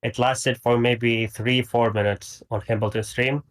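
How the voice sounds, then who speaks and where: A man's voice: mid-range voice, flat delivery, unhurried. A man calling into a stream, retelling events in a rambling, hesitant way and laughing often. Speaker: caller. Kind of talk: casual call-in retelling.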